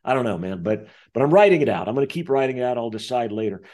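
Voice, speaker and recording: A man telling a personal story as an interview guest, acting out the voices of the people in it. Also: very fast. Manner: acts out quoted voices, lively pitch. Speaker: author and guest. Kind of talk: animated storytelling.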